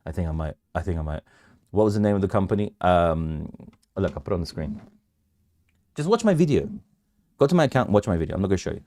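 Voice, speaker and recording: A man's voice: sits low, expressive, fast talker, long pauses, darkish tone. A man hosting a casual crypto livestream, bantering with his viewers, laughing often and restarting his sentences.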